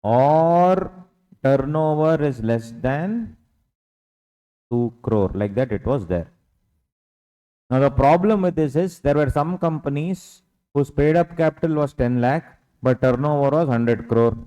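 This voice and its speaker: A man's voice: mid-range voice, animated, measured pace, long pauses, mellow, clean tone, big-room sound, rough recording. Indian man quizzing his class. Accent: Indian English. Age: young adult. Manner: asks the class questions and answers them himself. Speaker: tax law lecturer. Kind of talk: online revision lecture.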